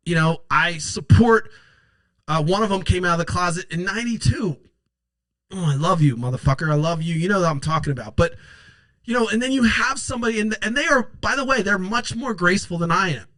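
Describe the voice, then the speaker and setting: A man's voice: a little high, a bit bright, no echo, poor audio. A man giving impassioned political commentary, blunt and emphatic, swearing freely.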